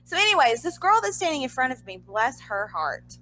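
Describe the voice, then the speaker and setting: A young woman co-hosting a podcast, telling a story in casual chat with animated, exasperated asides. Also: sits high, a little fast, poor audio. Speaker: podcast co-host.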